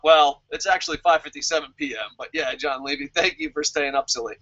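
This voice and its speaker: A man's voice: on the high side, expressive, a little fast, few pauses, sharp tone, dull audio. A man giving a casual, profane, joking rant as a show reviewer and reading viewer comments aloud. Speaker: wrestling review vlogger.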